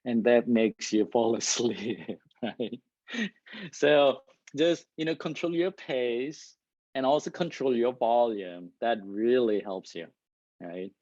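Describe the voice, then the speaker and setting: A man who speaks English as a second language, giving a lively, loud talk to a live and online audience, laughing often and asking the room "right?". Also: mid-range voice, unhurried, no echo. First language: not English. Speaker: guest speaker. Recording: dull lo-fi recording.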